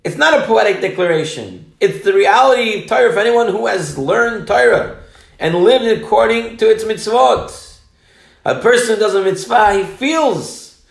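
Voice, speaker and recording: A man's voice: sits high, lively intonation, moderate pace, gravelly. A man preaching as a rabbi, emphatic, telling a story and mixing in Hebrew and Yiddish terms. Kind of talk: sermon with storytelling. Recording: roomy echo.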